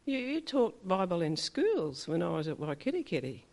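A woman's voice: fairly low pitch, very animated, normal speed, creaky, a little mellow. An older woman tells her church about a recent experience. Her storytelling is chatty and meandering, full of small asides. She brings her story to life by acting out the voices of the people she met. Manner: chatty storytelling, acts out quoted dialogue. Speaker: church member giving a testimony. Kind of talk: spoken testimony at a church meeting.

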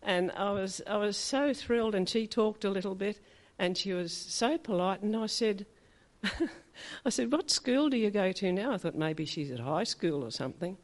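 A woman's voice: medium pitch, normal speed. An older woman telling a personal testimony at a church meeting, in chatty storytelling style. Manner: chatty storytelling, acts out quoted dialogue. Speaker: church member giving a testimony.

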